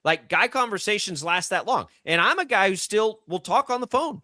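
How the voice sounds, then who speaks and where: Man, middle-aged, radio host, incredulous ranting, casual banter, high lively voice, dry studio sound. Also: normal speed, no echo. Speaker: radio sports show host.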